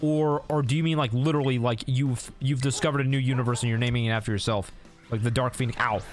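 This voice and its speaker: Young male streamer, rambling casual gaming chat, average pitch, faint music bed. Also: fairly even intonation, fast. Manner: rambling, easily sidetracked, laughs at own stories.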